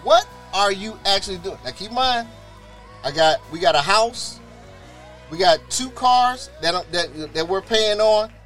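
A man with a somewhat high voice tells his own story in a loose, spoken testimony style. He brings the story to life by acting out what others said, and he often repeats words and starts over mid-sentence. Faint music plays softly behind him. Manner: animated, acts out others' voices in quoted dialogue. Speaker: storyteller sharing a personal testimony.

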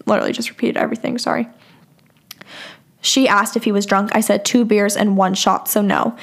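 A young woman hosting a podcast, candidly recounting a bad relationship and reading out old text messages in a frank, profane, exasperated way. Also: medium pitch. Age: young adult. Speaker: podcast host. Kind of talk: personal storytelling, reading out old texts.

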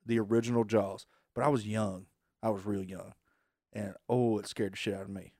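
A man's voice: on the low side, fairly even intonation, moderate pace, darkish tone, no echo, clean studio sound. A man, co-hosting a casual podcast and telling a story full of swearing. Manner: profane, storytelling, laughs while telling. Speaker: podcast co-host. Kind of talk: casual chat.

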